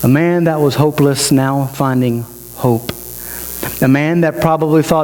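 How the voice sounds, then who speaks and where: A man's voice: fairly even intonation, a little slow, darkish tone. Emotional preacher man in a reverberant hall. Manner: emotional, climbing in pitch and volume as he builds. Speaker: pastor. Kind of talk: sermon. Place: church. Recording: reverberant hall with mains hum.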